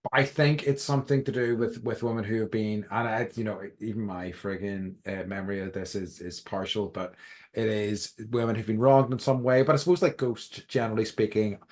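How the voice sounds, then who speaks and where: A man's voice: fairly low pitch, steady tone, a little fast, darkish tone. An Irish man co-hosting a podcast, rambling with many restarts and fillers in casual chat. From Ireland. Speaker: podcast co-host.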